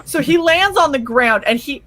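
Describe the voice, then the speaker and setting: A woman tells a comic story as co-host of a laid-back stream. Her voice is bright and a touch high. She acts out the quoted bits and swears freely, keeping the telling animated. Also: normal speed, low-quality recording. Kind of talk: casual chat.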